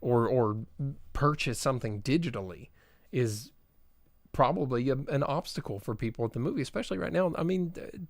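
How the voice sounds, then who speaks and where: A man co-hosting a casual movie chat, talking in a relaxed, chatty way with many filler words. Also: mid-range voice, brisk, gravelly, no echo, clean studio sound. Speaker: podcast co-host.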